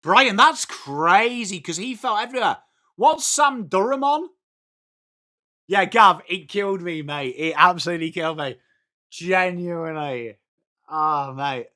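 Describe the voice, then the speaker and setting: A young English man hosting a live football watchalong, chatting excitably with viewers and calling out plays. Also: high-pitched, unhurried. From England. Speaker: watchalong stream host.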